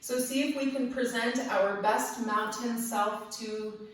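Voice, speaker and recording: A woman leads a guided yoga class in a gentle, upbeat voice that sits a little high. She cues breaths and poses cheerfully and laughs easily. The room is very echoey and she stands some distance from the mic. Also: fairly even intonation, slow pace. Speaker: yoga instructor.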